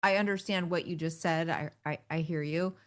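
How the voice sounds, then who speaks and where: A woman's voice: low voice, fairly even intonation, normal speed. A woman hosting a podcast, asking probing follow-up questions in a conversational way. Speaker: podcast host. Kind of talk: conversational interview.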